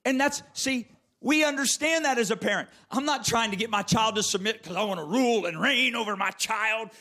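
Pastor, man, slightly high-pitched, emphatic preacher who repeats his points and calls on the congregation by name. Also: a little fast, sharp tone. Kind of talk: sermon.

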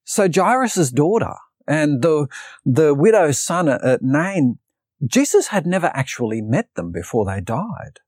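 A man's voice: on the high side, sing-song, measured pace, darkish tone, no echo, clean studio sound. A man preaching an earnest sermon, telling a personal story and reading Bible passages aloud. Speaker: pastor. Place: preaching to an online congregation.

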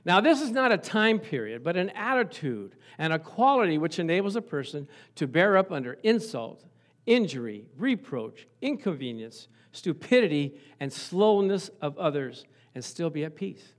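A man preaching a sermon, telling lively stories and acting out the voices of the people in them. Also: a little high, moderate pace. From Italian family background. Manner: animated storytelling, acts out voices. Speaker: pastor.

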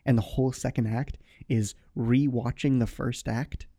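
A man's voice: mid-range voice, fairly even intonation, normal speed, warm tone. A young man chatting casually as a podcast guest, rambling and filling his talk with "like.". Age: young adult. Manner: rambling, full of "like" fillers. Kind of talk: casual chat.

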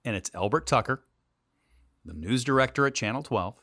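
A middle-aged man, a TV news anchor, telling a story from his career in an animated interview voice that swings between loud and quiet. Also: mid-range voice, moderate pace, no echo, clean studio sound.

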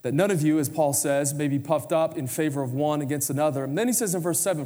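A man's voice: a little high, quick pace, warm tone, long reverb tail. A man in his forties preaching a conversational sermon in a church, prompting the congregation to answer and turn to each other. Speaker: pastor. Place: church sanctuary.

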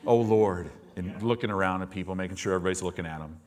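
A man's voice: low-pitched, very fast, fairly bright tone. A man preaching a sermon as a pastor, telling stories and acting out the voices of the people he quotes, while the congregation calls back in the church service.

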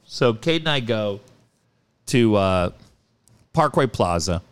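Animated profane man telling stories. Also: on the low side, slow pace, clean tone. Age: middle-aged. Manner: animated storyteller, profane, acts out quotes. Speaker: radio show host. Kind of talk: casual talk radio storytelling.

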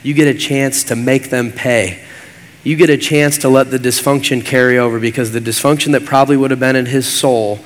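A man's voice: mid-range voice, steady tone, fairly quick. A man preaching a sermon as pastor, earnest and repetitive in his cadence. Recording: long hall reverb.

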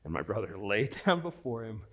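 A man preaching a sermon, moving from a quiet, earnest prayer into lively storytelling to his congregation. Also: lowish voice, normal speed. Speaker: pastor.

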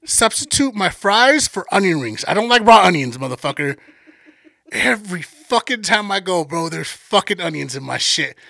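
A man's voice: high voice, sing-song, normal speed, gravelly, sharp tone, no echo, studio quality. A young man of Mexican heritage, co-hosting a podcast, telling a profane story in casual chat. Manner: profane, storytelling with acted quotes. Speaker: podcast co-host.

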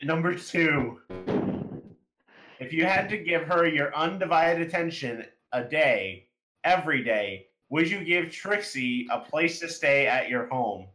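A podcast host in casual chat who reads questions and cracks deadpan jokes. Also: medium pitch, measured pace. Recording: echoey room.

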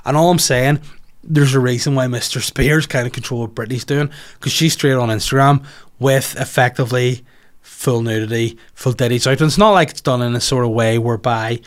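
A man hosting a podcast in casual chat, rambling and animated, swearing freely and going off on tangents. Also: mid-range voice, fairly quick. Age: adult, has children. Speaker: podcast host.

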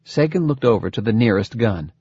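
A man narrating an audiobook in a measured storytelling manner. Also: mid-range voice, expressive, a little mellow, slightly rough, no echo. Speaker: audiobook reader. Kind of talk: scripted narration. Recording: dull dry lo-fi recording.

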